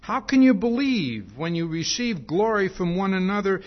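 A man's voice: sits high, lively intonation, moderate pace. A man preaching a verse-by-verse sermon, often ending points with "see?" and restarting his phrases. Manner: frequent "see?" tags, repetitions and restarts. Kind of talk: expository sermon. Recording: dull lo-fi recording.

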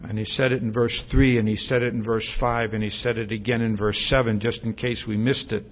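A man's voice: fairly low pitch, flat delivery, a little fast, highs cut off. A man preaching a sermon in a conversational way, with many fillers and restarts, and asking the congregation questions.

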